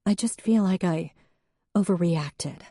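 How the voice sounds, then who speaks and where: Female deputy, earnest and impulsive, voiced higher by a woman reading an audiobook, mellow and dry. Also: a little slow, slightly rough, dry recording. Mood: upset. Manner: emotional, impulsive outbursts. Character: female small-town deputy, self-doubting and earnest.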